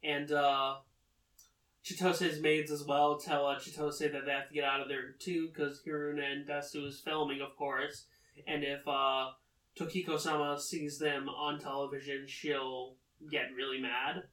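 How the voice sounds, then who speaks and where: A man recaps a story casually, rambling with frequent filler pauses. His voice is a little higher than most men's. It sounds roomy and comes from some distance off the mic. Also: little pitch movement, fairly bright tone. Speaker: anime recap host.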